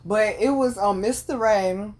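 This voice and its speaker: A podcast host in her thirties tells a family story in casual slang, swearing and laughing all the way through. Her voice sits at a middle pitch, and her delivery is animated and unguarded. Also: a little slow.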